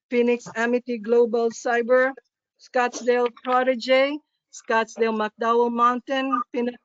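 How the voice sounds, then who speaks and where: A woman briskly reading through a list of names and places on a video call. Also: a little high, no room sound. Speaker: club officer reading a list. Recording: muffled, dry video call audio.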